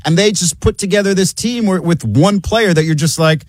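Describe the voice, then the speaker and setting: A man co-hosting a sports talk show in an animated way, acting out imagined reactions. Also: high-pitched, moderate pace, no room sound, clean studio sound.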